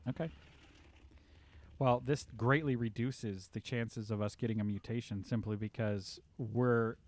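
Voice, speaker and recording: A man's voice: lowish voice, steady tone, a little slow, darkish tone. A man casually chatting on a livestream, rambling with lots of fillers and restarts. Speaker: streamer.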